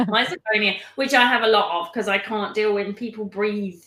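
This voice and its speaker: A woman's voice: mid-range voice, measured pace, pushed and bright. A woman chatting casually as co-host, laughing often and poking fun at herself. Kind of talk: casual chat. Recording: echoey room.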